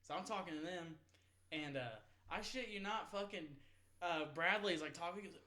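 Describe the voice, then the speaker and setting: A man's voice: high voice, moderate pace, sharp tone. A man in his twenties telling a long party story in casual, rambling, profane chat, often laughing. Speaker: podcast host.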